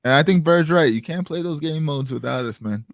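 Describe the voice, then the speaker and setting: A man's voice: fairly high pitch, a little fast, dry recording, clean studio sound. A man co-hosting a casual live-stream chat, loose and teasing, swearing freely. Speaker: podcast co-host.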